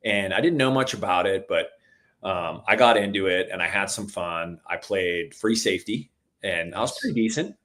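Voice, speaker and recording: Middle-aged dude telling stories, kinda low voice, super casual, gets pumped at the good parts. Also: male voice, moderate pace. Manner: laid-back, says "dude" a lot, animated when telling stories. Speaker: podcast guest. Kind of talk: casual storytelling chat.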